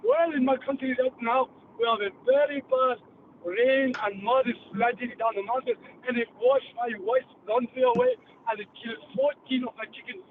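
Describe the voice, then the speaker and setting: A man's voice: extremely high pitch, fairly even intonation, normal speed, far from the mic. A man putting on a Pakistani bus conductor. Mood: eager. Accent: Pakistani English, put on. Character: Pakistani male bus conductor and bandleader, chatty and polite. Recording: tinny phone-like line, faint hiss.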